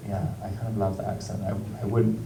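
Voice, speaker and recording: Low-voiced English man in an echoey hall. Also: flat delivery, fast, far from the mic. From England. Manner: hesitant, many ums, laughs often. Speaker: actor interviewed at a film Q&A. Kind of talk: casual stage Q&A. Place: large screening hall with audience. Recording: echoey hall, mic from afar, noise.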